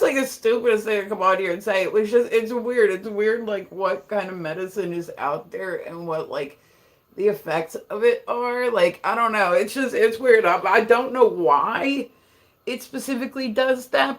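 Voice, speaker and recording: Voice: medium pitch, a little slow, fairly bright tone. Rambling streamer from Delaware. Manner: rambling, filler-heavy, laughs often. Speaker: livestreamer. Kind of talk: casual live-stream chat.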